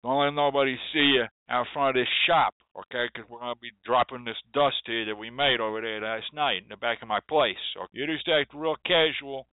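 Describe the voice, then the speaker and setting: A man putting on a secretive streetwise city rootworker who talks low, quick and conspiratorially. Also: no room sound, lightly acted. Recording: tinny phone-like sound, dry.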